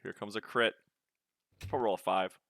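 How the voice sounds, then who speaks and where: A man playing in a tabletop game, excitable and joking, laughing often. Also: fairly low pitch, moderate pace, gravelly, very noisy. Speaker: player. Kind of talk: casual tabletop game chat.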